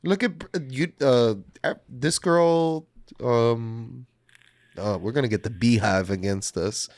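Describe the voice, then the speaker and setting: Male podcast co-host, deep and very slow, wry interjections, dry close recording. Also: a little mellow, dry recording. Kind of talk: casual chat.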